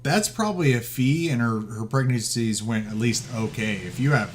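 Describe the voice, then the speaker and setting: A man's voice: mid-range voice, moderate pace, slight background noise. Swearing man telling stories. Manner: profane, laughing storyteller who acts out quotes. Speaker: podcast host. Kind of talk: casual podcast chat.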